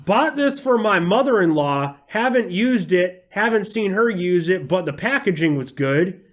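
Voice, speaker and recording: A man's voice: sits high, lively intonation, normal speed, pitched above the performer's own voice. A man mimicking a clueless online product reviewer in a mock Southern accent, drawn out and self-satisfied. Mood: smug.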